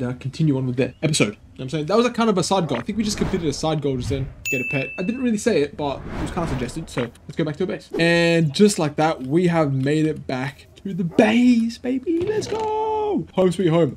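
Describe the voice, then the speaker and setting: A young man giving casual, slangy let's-play commentary, getting excitable and yelling at the game. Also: on the high side, slight background noise. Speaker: gaming YouTuber.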